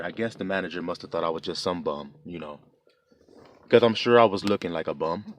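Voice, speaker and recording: A man's voice: deep voice, a little fast, slight background noise. A man telling a heartfelt personal testimony in a plain-spoken, casual way as he preaches. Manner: earnest, heartfelt storytelling.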